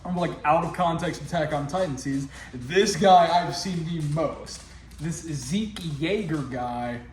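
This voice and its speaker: A man's voice: fairly high pitch, unhurried, a little mellow, roomy sound. A man hosting his own video show, riffing and joking directly to his viewers in casual comedic commentary. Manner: jokey, riffing, talks straight to viewers.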